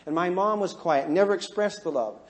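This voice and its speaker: A quiet, hurt wife, quoted by a man in a seminar story speaks lower and gentler than the storyteller's own voice. Her lines come out subdued and plaintive. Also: expressive, a little fast. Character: quiet, hurt wife, soft-spoken woman.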